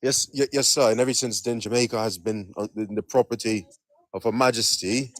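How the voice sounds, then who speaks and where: A man's voice: mid-range voice, steady tone, fairly quick, dry recording, natural voice. A man putting on a pompous British king. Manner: stiff, formal, mock-regal. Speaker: podcast co-host.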